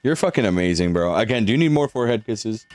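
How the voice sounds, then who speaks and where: A man's voice: lowish voice, animated, fast talker, darkish tone, no echo, soft background music. A young man on a live stream, chatting casually with viewers and walking them through a game, swearing now and then as he hypes them up.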